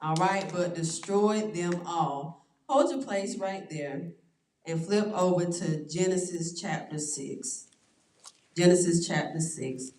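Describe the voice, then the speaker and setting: A woman leading a church Bible study, reading verses slowly and stressing words, with frequent "all right" checks to the class. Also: fairly low pitch, darkish tone. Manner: slow, drawn-out scripture reading with stressed words. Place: church room. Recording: roomy echo, distant mic.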